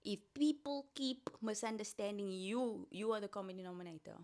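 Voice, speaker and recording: A woman's voice: medium pitch, moderate pace, a little mellow. A woman hosting a solo podcast, giving casual, coaching talk with playful asides. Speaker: podcast host.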